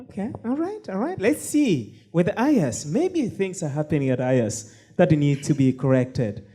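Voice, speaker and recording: Mellow man moderating a panel. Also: on the high side, very animated, a little slow, husky. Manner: brief, encouraging reactions.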